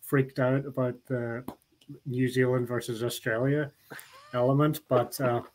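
A man's voice: medium pitch, flat delivery, measured pace, poor audio. Rambling Northern Irish man. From Northern Ireland. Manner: rambling, many restarts and "you know" asides. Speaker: guest. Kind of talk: casual interview talk.

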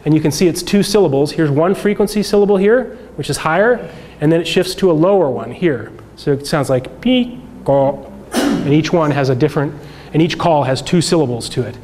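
A man teaching a workshop class, talking through slides in a relaxed, conversational way with many fillers and restarts. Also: a little high, a little fast, slight background noise. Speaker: workshop instructor. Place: lecture room.

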